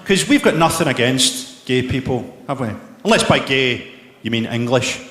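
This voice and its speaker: A Scottish man in his forties doing a live stand-up set, firing off profane, dark deadpan one-liners. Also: mid-range voice, moderate pace, heavy background noise. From Scotland. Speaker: stand-up comedian. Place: large theatre stage. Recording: echoey live theatre hall with loud crowd laughter.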